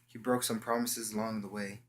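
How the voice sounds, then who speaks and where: A young man with a low voice tells a story casually, full of slang. He halts often and restarts his sentences. A faint hum runs behind his voice. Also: level tone. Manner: slangy, halting, with frequent restarts. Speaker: vlogger.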